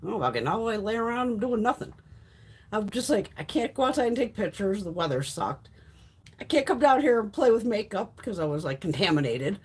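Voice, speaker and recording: A woman's voice: mid-range voice, a little fast, a little hiss or hum. A middle-aged woman from Connecticut hosting a livestream, telling blunt, profanity-laced stories in casual chat while she is stuffy from a sinus infection. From Connecticut, USA. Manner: blunt, swears freely, lively storytelling. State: stuffy nose. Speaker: livestream host.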